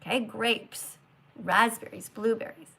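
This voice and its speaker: A woman with a fairly high voice hosts a live stream on her phone. She speaks in an emphatic, earnest, lecturing way, addressing a guest and her viewers directly. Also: steady tone, unhurried, creaky, pushed and bright, breathy edge. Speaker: livestream host.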